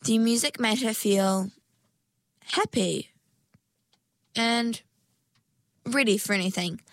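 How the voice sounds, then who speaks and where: A woman reads a storybook aloud slowly and calmly. Her voice sits in a middle pitch, and the recording is dry and close. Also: no room sound. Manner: calm, measured reading. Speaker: reader. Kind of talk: storybook narration.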